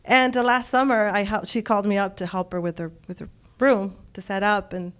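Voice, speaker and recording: A woman's voice: mid-range voice, steady tone, fairly quick. Emotional woman telling her story. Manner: emotional, laughs often, quotes others. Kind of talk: personal story told on stage.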